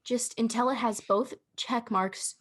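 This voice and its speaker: A young woman and drama student co-hosting a podcast, coaching in casual chat with a teasing, deadpan manner and frequent restarts. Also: on the high side, measured pace. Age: young adult.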